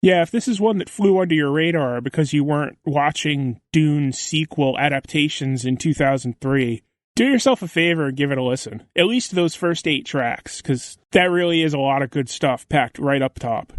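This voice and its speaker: A man's voice: fairly high pitch, animated, moderate pace, no room sound. Enthusiastic man co-hosting a podcast. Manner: enthusiastic, chatty. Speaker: podcast co-host. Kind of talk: casual chat.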